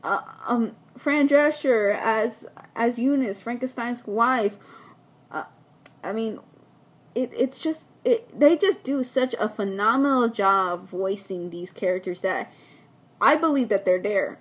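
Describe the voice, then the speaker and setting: Female reviewer with a somewhat high, strained voice; eager, rambling casual delivery. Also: slow pace, breathy edge. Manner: enthusiastic, rambling with frequent restarts. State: losing her voice. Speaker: film reviewer. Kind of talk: casual spoken film review.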